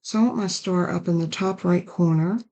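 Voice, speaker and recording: A woman's voice: lowish voice, steady tone, brisk, mellow, rough recording. A middle-aged woman with a cough, chatting casually as she demonstrates card making step by step. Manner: chatty, apologetic about coughing. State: coughing and sneezing. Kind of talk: casual craft tutorial.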